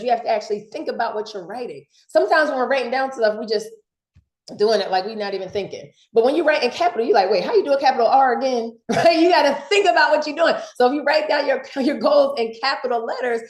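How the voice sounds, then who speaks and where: A woman from giving an excited, fast motivational sales training talk, repeating her points. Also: mid-range voice, reverberant. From Philadelphia.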